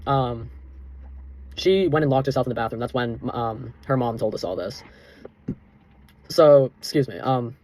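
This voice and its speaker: A man's voice: mid-range voice, darkish tone. A young man telling a personal story in a rambling, profane, heated vlog rant. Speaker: vlogger.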